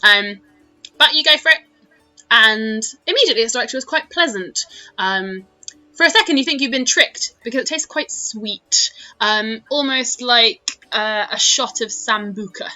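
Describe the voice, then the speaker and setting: A woman's voice: on the high side, measured pace, pushed and bright, soft background music. A British woman narrating a tabletop game as dungeon master, chatty and full of fillers. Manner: chatty, laughing, lots of fillers.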